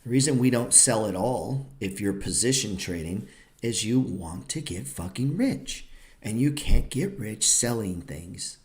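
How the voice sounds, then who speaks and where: Blunt, profane low-voiced male trading teacher. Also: animated, unhurried, a little mellow. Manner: blunt, profane, lecturing, often sarcastic. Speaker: trading educator and show host. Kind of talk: live-streamed trading class.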